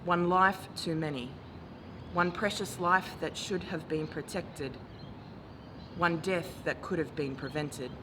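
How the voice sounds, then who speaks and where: A woman in her forties performing a spoken word poem with a measured, grave delivery that rises to impassioned calls. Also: low-pitched. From Australia. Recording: noisy recording with traffic ambience.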